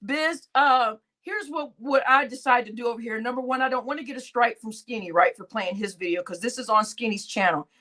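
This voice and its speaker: A woman's voice: on the high side, brisk, few pauses, sharp tone. A woman hosting a live stream, laughing often and talking to her chat in crude slang. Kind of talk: casual live-stream commentary.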